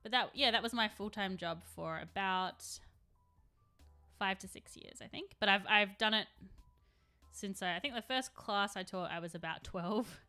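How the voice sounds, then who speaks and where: A woman talks through a live stream in a bright, clear voice. She rambles in a chatty way and answers her chat while she paints. Faint music plays quietly behind her. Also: medium pitch, normal speed.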